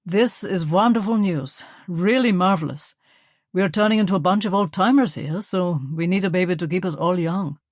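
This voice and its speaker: A woman's voice: fairly low pitch, normal speed, dry recording, lightly acted. Audiobook figure: a woman reading a cheerful older man making a toast, plain and dry. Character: warm older father figure giving a toast.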